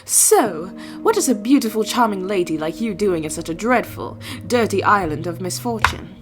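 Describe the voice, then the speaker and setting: A woman's voice: mid-range voice, sing-song, normal speed, natural voice. A woman voicing a flamboyant immortal male jester in a game, with a British accent and a theatrical, mock-courtly manner, over game music. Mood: flirtatious. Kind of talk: voicing a visual novel character.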